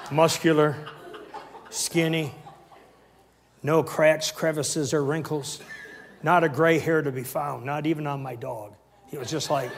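A man in his sixties preaching a sermon with call-and-response and humorous asides. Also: a little high. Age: 60s. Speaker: pastor.

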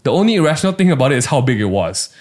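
A man chatting casually on a podcast, his pitch swooping up and down as he talks. He rambles and restarts, full of fillers. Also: rapid-fire. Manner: animated, rambling, lots of fillers. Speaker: podcast co-host. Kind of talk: casual chat.

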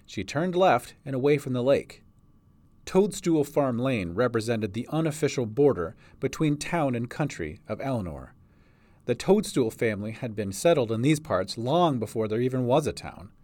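A man's voice: medium pitch, a little mellow, no room sound. A man reading a fantasy story aloud as narrator. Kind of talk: audiobook narration.

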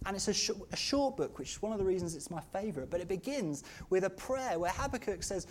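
A preacher giving a sermon in a church, earnest and at times rising to loud, impassioned outcries. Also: medium pitch, big pitch swings, fairly quick.

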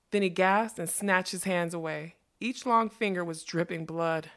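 A woman narrating a storybook in a measured, expressive reading voice. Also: lowish voice.

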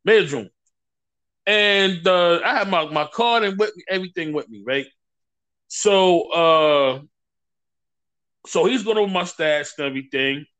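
This man's high voice comes at a measured pace with long pauses. He's a podcast guest in casual conversation, animatedly recounting stories and performing people's quotes.

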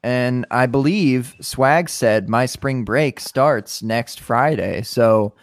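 A man's voice: mid-range voice, slow, no room sound. A man hosting a sports podcast in casual chat, rambling and joking with many restarts. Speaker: podcast host.

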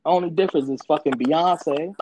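A woman's voice: sits low, fairly quick, background noise. A woman in casual conversation, talking animatedly, swearing freely and laughing often. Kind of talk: casual chat.

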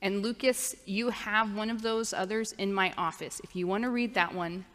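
A woman's voice: medium pitch, steady tone, normal speed, a bit bright. A woman leading a children's sermon in a church, patiently coaching the children to repeat after her. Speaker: children's minister. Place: church sanctuary. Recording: long reverb of a church hall.

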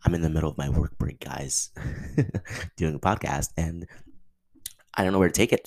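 A man with an extremely deep, gravelly voice talks through a casual solo podcast. He is excitable and trips over his words, restarting sentences and swearing freely, and his pitch jumps high when he gets worked up. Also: moderate pace, pauses often. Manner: excitable, stammering, swears a lot. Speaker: podcast host.

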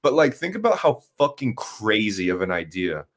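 A man co-hosting a casual reaction show. He talks in an animated, incredulous way and swears freely. His low voice jumps widely in pitch. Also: moderate pace. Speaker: co-host.

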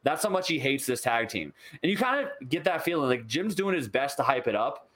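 A man's voice: mid-range voice, big pitch swings, fairly bright tone. Exasperated man ranting about wrestling. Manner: exasperated ranting, fast complaints. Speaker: podcast co-host. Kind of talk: casual wrestling review chat.

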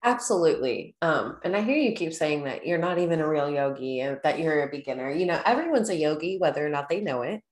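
A woman hosting an interview, calm and affirming as she asks her guest questions. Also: sits low, brisk, hardly any pauses, echoey room. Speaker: host. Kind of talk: interview, yoga talk.

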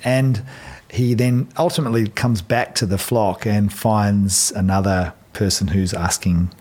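A man's voice: on the low side, steady tone, unhurried, a little mellow. An Australian man in his fifties, a podcast guest, talking in a reflective, storytelling way with frequent ums. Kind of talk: casual conversation.

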